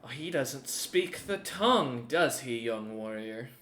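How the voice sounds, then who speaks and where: A man's voice: mid-range voice, animated, slow pace, fairly bright tone, slight background noise. A man voicing a ruthless, greedy male warrior chief who talks in a mocking, menacing way, recorded in an echoey room.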